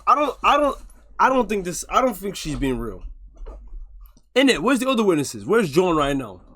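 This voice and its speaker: A man reacts out loud in rough, slangy commentary, swearing and disbelieving. His voice sits fairly high for a man. It rises and falls a lot as he talks. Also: wildly swooping pitch, normal speed. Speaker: reaction video host.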